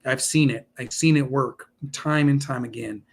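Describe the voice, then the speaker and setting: A man's voice: mid-range voice, fairly even intonation, moderate pace, creaky. Earnest man rambling through his story. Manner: earnest, speaks in rambling restarts. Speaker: podcast guest. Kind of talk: casual interview storytelling.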